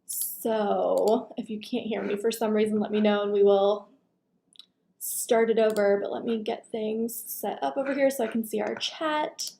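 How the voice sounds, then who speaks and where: A woman's voice: medium pitch, fairly even intonation, unhurried, gravelly, mellow, a little hiss or hum. Chatty woman on a roomy computer mic. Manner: chatty, greets viewers by name. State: losing her voice. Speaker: live stream host. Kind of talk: casual live Q&A chat. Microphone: computer microphone. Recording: echoey room on a computer mic.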